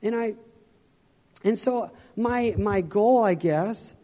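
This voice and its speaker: A traveling evangelist with a high, warm voice takes his time delivering a sincere, informal testimony from the stage. He often begins again and chuckles along the way, with long reverb from the hall.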